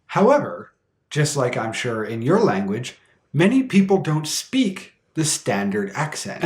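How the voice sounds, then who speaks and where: Young western canadian guy teaching english sounds, lively up and down voice, kinda echoey room. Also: medium pitch. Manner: clear, deliberate, demonstrates sounds slowly. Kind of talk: pronunciation lesson.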